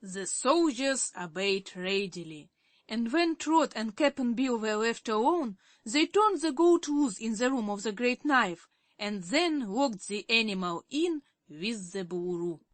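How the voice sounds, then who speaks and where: Slow, expressive woman audiobook narrator. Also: a little high, dry recording. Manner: expressive, deliberate. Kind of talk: scripted narration.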